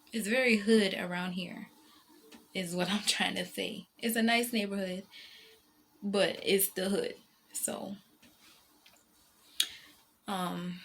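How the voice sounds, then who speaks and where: A woman's voice: medium pitch, a bit bright, a little hiss or hum. A mother talking to her viewers in a casual vlog, rambling and emotional, circling back on herself with many fillers and restarts. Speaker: vlogger and mother.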